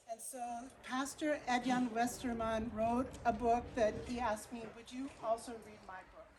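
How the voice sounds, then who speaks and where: A middle-aged woman speaks earnestly about her book, with a preacherly, lecturing cadence. Her voice sits a little high for a woman. Steady background noise is audible throughout the recording. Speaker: author giving a book talk. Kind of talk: lecture-style book talk. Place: bookstore event room.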